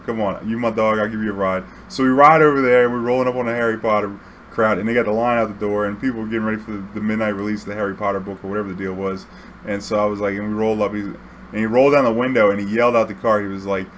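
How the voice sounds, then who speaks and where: A young man with a lowish voice tells a loose, profane story, stringing it together with fillers and acting out what people said. A faint hum sits under the recording. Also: fairly even intonation, rapid-fire, fairly bright tone. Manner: rambling, profane, full of fillers and acted-out quotes. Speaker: YouTube storyteller. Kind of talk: casual storytelling monologue.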